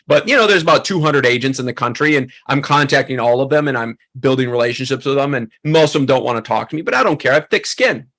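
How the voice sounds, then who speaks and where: A man in his thirties teaching a photography workshop, telling a story in a loose, animated way with lots of fillers. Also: mid-range voice, quick pace, hardly any pauses. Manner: animated, acts out quoted voices, many fillers. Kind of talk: casual storytelling to a workshop group.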